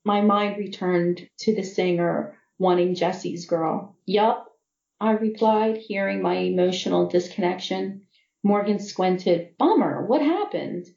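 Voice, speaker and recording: A woman author reading her own novel aloud in measured first-person storytelling. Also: fairly low pitch, steady tone, gravelly, a little mellow, roomy sound, highs cut off.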